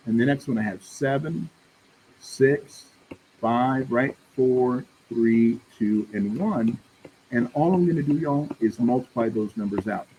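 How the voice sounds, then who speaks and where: Casual math teacher saying y'all. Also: male voice, medium pitch, a little slow, dull audio, a little hiss or hum. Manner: casual, addresses class as y'all, checks in with "right?". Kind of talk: classroom lecture. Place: classroom.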